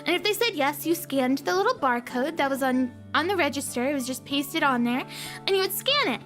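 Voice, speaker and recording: A young woman, telling stories in an animated, giggly way on a casual chat stream and acting out the people in them. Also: high-pitched, fairly quick, faint music behind. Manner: animated storyteller, acts out voices and beeps; giggly, repeats lines for effect.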